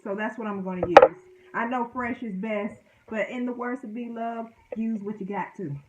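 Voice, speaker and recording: A woman's voice: on the high side, steady tone, moderate pace, heavy background noise. Chatty woman cooking in an echoey kitchen. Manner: chatty and self-deprecating, talks to viewers as y'all. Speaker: home cooking vlogger. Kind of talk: casual cooking vlog chat. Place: home kitchen.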